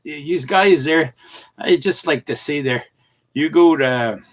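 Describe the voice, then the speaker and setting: A middle-aged man hosting a casual livestream, rambling and chuckling between halting restarts as he greets his viewers. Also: fairly high pitch. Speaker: live streamer.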